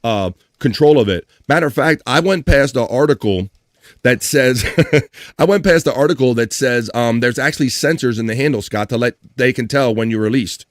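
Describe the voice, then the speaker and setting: A man hosting a casual live stream, chatting in a jokey, animated way and mimicking others. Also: medium pitch, normal speed, no echo, studio quality. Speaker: host.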